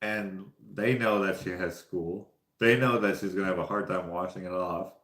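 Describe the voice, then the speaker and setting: Canadian male YouTuber, low voice, loose rambling anecdotes in a roomy space. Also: fairly even intonation, moderate pace, a bit bright. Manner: rambling, laughs often. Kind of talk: casual storytelling to viewers. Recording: echoey room.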